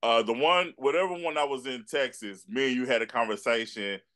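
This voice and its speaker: A man, an actor and producer, telling stories as a guest in a casual chat. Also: medium pitch. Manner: relaxed, unhurried storyteller. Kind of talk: casual conversation.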